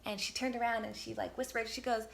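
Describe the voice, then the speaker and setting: A woman who is a spiritual healer and channel gives a casual spiritual vlog talk outdoors on a windy day, upbeat and encouraging but rambling with many fillers and restarts. Her voice is a little high and creaky, with fairly even intonation, and she talks fast.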